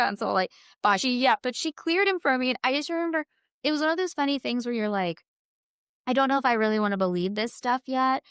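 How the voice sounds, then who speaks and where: An animated woman tells a long personal story as a podcast guest, leaping up high whenever she acts out what someone said. The recording is dry and close, with no room sound. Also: a little fast, clean tone, no room sound. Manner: animated, voices quotes in a high excited pitch. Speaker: podcast guest, spiritual healer. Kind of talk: casual storytelling.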